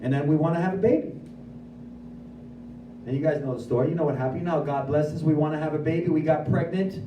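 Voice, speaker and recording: A man giving a lively personal recovery testimony at a speaker meeting, acting out his own dialogue as he goes. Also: on the high side, fast talker, dull audio, a little hiss or hum. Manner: animated storyteller who acts out his own dialogue. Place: meeting room at a recovery center. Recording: echoey room, voice from far off.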